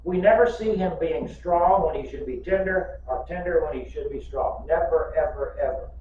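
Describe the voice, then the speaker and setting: A man's voice: a little high, normal speed, a little mellow, slight background noise. An older man preaching a sermon as pastor, telling folksy stories with humor. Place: church sanctuary. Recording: distant, echoey, muffled church recording.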